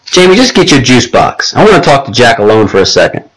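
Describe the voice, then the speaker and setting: A man's voice: medium pitch, very animated, fast talker, husky, poor audio. A man voicing a caring but stern middle-aged mother in an audiobook, talking in an earnest, scolding way. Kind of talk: audiobook character voice.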